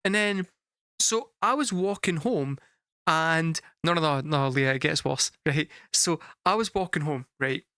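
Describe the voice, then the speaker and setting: A young Scottish man telling a story casually to a live chat, animated and swearing freely, laughing through the punchlines. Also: on the high side, measured pace, smooth, no echo, studio quality. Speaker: music reaction streamer.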